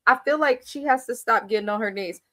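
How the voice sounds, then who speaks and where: A woman's voice: fairly high pitch, quick pace, a bit bright, no echo. A woman in her thirties from Kenya, hosting a live TV recap with blunt, profane, laughing storytelling. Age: 30s. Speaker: show recap host.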